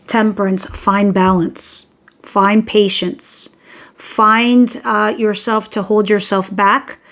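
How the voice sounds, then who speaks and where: A woman's voice: mid-range voice, little pitch movement, slow pace, a bit bright. A young woman giving a casual tarot reading, talking directly and emphatically to her listeners, with the odd swear word. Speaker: tarot reader.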